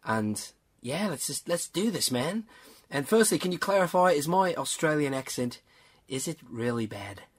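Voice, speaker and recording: A man's voice: on the high side, very animated, moderate pace, slightly rough. Enthusiastic male podcast host. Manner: enthusiastic, peppers talk with "man". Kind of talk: casual chat.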